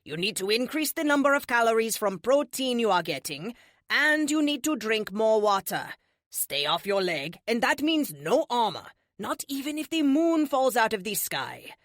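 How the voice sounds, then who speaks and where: A woman voices a stern male healer who is lecturing, pitching herself above her own natural voice. Her voice is on the high side, with big pitch swings and a moderate pace. The recording is dry, with clean studio sound.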